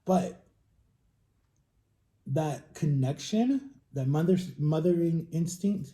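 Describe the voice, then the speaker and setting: A man's voice: on the high side, fairly quick, mellow. A man in his thirties talking openly and emotionally in a personal vlog, with emphatic repetitions. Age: 30s. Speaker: vlogger.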